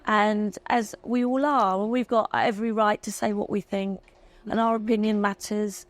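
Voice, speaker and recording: A woman's voice: mid-range voice, steady tone, normal speed. A woman in her fifties, a guest talking candidly and emotionally, chatty and self-mocking. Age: 50s. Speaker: interview guest. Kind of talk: candid chat.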